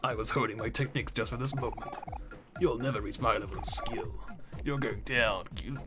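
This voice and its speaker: A man's voice: medium pitch, brisk, voice pushed down, natural voice. Male streamer voicing a swaggering show-off kid with a fake american accent, game music under it. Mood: smug. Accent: put-on American. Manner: swaggering, theatrical boasting. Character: cocky boastful boy rival, show-off kid.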